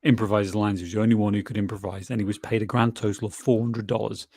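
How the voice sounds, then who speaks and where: A man's voice: on the low side, little pitch movement, darkish tone, husky, no echo, studio quality. A man co-hosting a film podcast in casual chat, often repeating words as he searches for what to say. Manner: halting, repeats words while searching for them. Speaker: podcast co-host.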